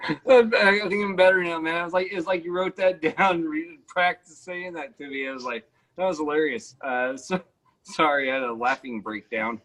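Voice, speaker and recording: A man's voice: a little high, normal speed, fairly bright tone. A man hosting a casual interview, laid-back and often saying "man". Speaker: interview host.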